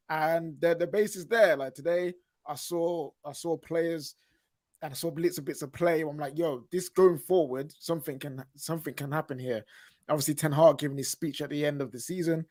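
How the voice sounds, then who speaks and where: A man on a football chat panel talks with upbeat enthusiasm and casual slang. His voice is a bit high for a man. It is recorded close and dry, with no echo. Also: fairly even intonation, a little fast.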